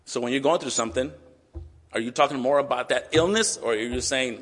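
A male pastor preaching a sermon earnestly and with emotion, reading scripture aloud slowly. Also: medium pitch. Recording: long hall reverb.

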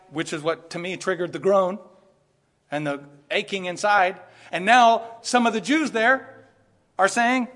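Man, high-pitched, preaching a sermon, earnest, emphatic peaks, quiet asides, long hall reverb. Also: moderate pace. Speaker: pastor.

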